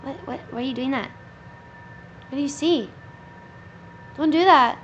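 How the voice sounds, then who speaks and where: Young female streamer, high voice, casual repeated practice, faint AC hum behind. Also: a little slow, dull audio. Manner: repeats words over and over, practicing pronunciation. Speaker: livestreamer. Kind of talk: casual live-stream chat. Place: bedroom with air conditioning running. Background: air conditioning hum.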